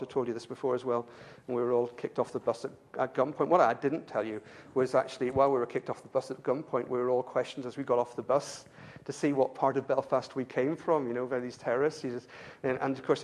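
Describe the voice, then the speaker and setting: A man's voice: steady tone, quick pace, darkish tone. An English man preaching a sermon to his congregation, earnest, repeating words as he builds to his point. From England. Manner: earnest, repeats words when stirred, pitch rises with fervor. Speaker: pastor.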